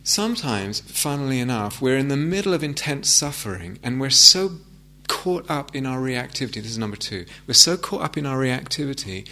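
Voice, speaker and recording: A man giving a meditation talk, gentle and reflective, with frequent hesitant restarts. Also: medium pitch, sing-song, moderate pace, few pauses. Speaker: meditation teacher. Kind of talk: dharma talk. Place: meditation hall with audience.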